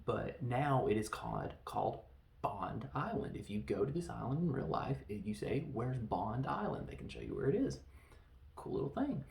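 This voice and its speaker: Gravelly man rambling in a roomy room. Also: medium pitch, very animated, normal speed, a little mellow. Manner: joking, self-deprecating, loose. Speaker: podcast host reviewing a film. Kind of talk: casual rambling film review. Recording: roomy echo.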